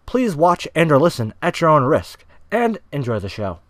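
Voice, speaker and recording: A man's voice: a little high, big pitch swings, normal speed, very noisy. A man in his twenties hosting a casual podcast, ranting with lots of swearing and rambling restarts. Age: 20s. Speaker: podcast host. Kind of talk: casual rant.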